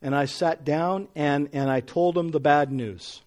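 A man's voice: on the high side, measured pace, darkish tone. A middle-aged man preaching, telling a personal story and building to emphatic scripture reading. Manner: earnest, rising to emphatic when reading scripture.

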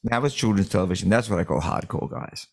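A man's voice: low-pitched, quick pace, gravelly. A man, chatting easily as a podcast guest and laughing often. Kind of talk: casual chat.

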